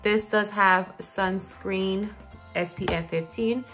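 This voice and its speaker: Woman chatting while doing her makeup, low morning voice, rambly, faint music behind. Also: fairly even intonation, slow, a bit bright. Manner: chatty, rambling, lots of fillers. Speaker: beauty vlogger. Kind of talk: casual get-ready-with-me chat. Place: home, seated at a filming setup.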